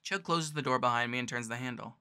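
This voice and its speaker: A man reading a visual novel aloud in the first person, narrating in a casual, low-key way. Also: fast, bright, forceful tone, clean tone, no room sound, clean studio sound.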